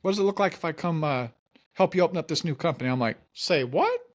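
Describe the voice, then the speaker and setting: A man's voice: on the high side, lively intonation, fast. A man, a mortgage company founder, telling his story in a casual interview and acting out the dialogue.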